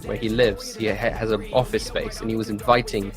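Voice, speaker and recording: A man's voice: lowish voice, level tone, a little fast. Chill young english guy rambling through an interview, english accent, bit of music behind. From England. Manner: laid-back, rambling, lots of ums. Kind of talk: casual interview chat.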